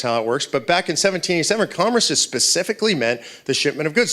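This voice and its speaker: A man addresses a room of university students. His delivery is conversational but emphatic, peppered with quick rhetorical checks for agreement. His voice sits at an ordinary middle pitch. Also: a bit bright. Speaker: speaker at a political event. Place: university lecture hall.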